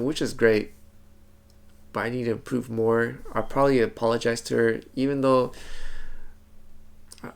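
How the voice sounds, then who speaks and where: Casting: male vlogger, gravelly low-key voice, calm and reflective, soft-spoken. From Hmong community background. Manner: soft, calm, reflective telling with many repeated words. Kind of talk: personal vlog talk.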